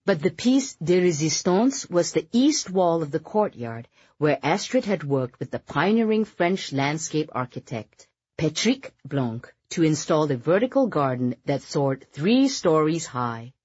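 Husky-voiced audiobook narrator, measured delivery. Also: mid-range voice, a little mellow, no echo, highs cut off.

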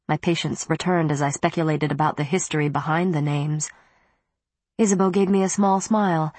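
Low-voiced woman narrating an audiobook. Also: steady tone, moderate pace, no echo. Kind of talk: scripted first-person narration.

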